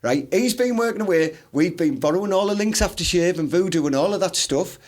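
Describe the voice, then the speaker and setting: A man's voice: high voice, animated, brisk, darkish tone. A man with a Teesside accent, co-hosting a comedy podcast, rambling and swearing as he laughs along. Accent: Teesside English. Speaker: podcast co-host. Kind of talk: casual comedy chat.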